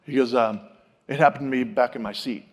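A man preaching a sermon, telling personal stories and acting out the people he quotes in an animated way. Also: medium pitch, fairly quick, in a large hall. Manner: animated, acts out quoted voices. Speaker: pastor. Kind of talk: sermon storytelling.

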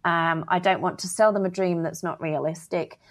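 Gravelly, frank woman. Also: fairly low pitch, fairly even intonation, moderate pace. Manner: frank, emphatic, laughs often. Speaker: wedding planning educator. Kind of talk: casual podcast interview.

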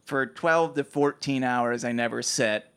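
A young man co-hosting a podcast, telling a story with animated delivery and frequent laughter. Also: mid-range voice, a little slow, smooth. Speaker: podcast co-host. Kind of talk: casual chat.

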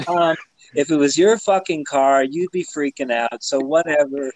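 A man's voice: on the high side, normal speed, rough recording. A man co-hosting a podcast, telling a rambling story full of fillers, swearing and laughter, a little drunk. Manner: rambling, many fillers, laughing, swearing, animated when retelling. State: tipsy. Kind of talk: casual storytelling chat.

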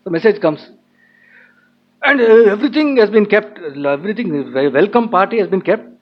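A man's voice: high-pitched, expressive, normal speed. A man retelling an old tale in a chatty, laughing way with many asides. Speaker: storyteller. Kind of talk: casual storytelling talk. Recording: dull lo-fi with faint ambience.

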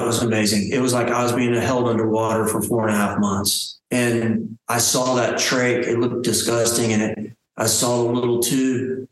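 A man telling his survival story as an interview guest, halting and restarting his phrases. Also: mid-range voice. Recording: very echoey room.

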